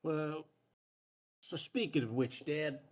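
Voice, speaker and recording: A man's voice: on the high side, slow pace, slight background noise. A man playing his character in a tabletop game, bantering casually and playfully with the game master. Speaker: player. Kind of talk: in-character tabletop role-play.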